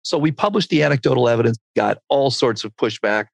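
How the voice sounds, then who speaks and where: Older man, medical researcher in an interview, gravelly voice, storytelling. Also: medium pitch, quick pace, no echo. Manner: animated storyteller acting out quotes.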